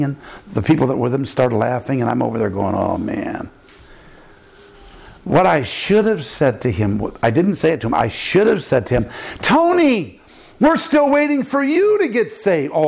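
An older man, a pastor, telling a story in a sermon and acting out the people in it with big jumps in his voice. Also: vocal fry. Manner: animated preaching, acting out quotes with big pitch jumps.

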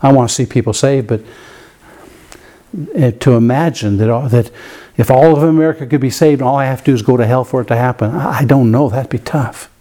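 A man preaching in a church, telling a personal story with lots of repeated words and big swings in pitch for emphasis. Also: a little fast, mellow. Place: church room with a piano.

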